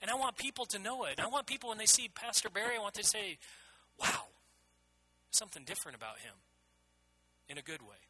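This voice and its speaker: A man's voice: high-pitched, lively intonation, racing, few pauses, bright, forceful tone, poor audio. A middle-aged man preaching a sermon as pastor, earnest and emphatic, often repeating his phrases.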